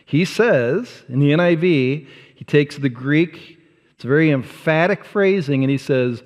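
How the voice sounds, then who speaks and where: A male pastor preaching a sermon, emphatic, asking rhetorical questions and swinging from loud to soft. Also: a little high, lively intonation, a little slow, long reverb tail. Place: church sanctuary.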